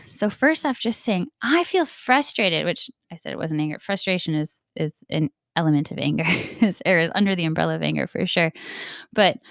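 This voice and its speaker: Animated woman coach, dry close sound. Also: mid-range voice, clear, resonant tone, no echo. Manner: animated, laughs often, acts out quoted dialogue. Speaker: Catholic mindset coach and podcast host. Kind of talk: casual reflective podcast talk.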